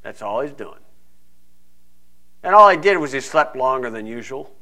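A man's voice: mid-range voice, expressive, moderate pace, bright, forceful tone. A man preaching a folksy, conversational sermon full of asides. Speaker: pastor.

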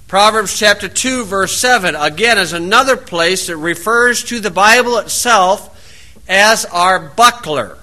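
A man delivers a homespun sermon in a high, very bright voice. He reads scripture at a deliberate pace, then slips into relaxed, plain-spoken stories about everyday life. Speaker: preacher. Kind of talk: folksy sermon.

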